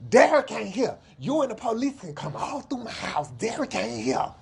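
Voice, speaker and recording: A man's voice: extremely high pitch, very animated, normal speed, gravelly, darkish tone, slightly rough, pitched above the performer's own voice, exaggerated voice. A man voicing an indignant woman friend who shrilly and insistently repeats her denial. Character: indignant woman friend denying she hides anyone.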